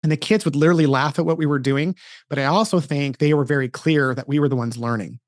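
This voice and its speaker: A middle-aged man talks in an earnest, storytelling way, his voice sitting a bit high for a man. He often backs up and restarts his sentences. The sound is dry and close. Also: fast talker, no echo. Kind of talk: casual interview chat.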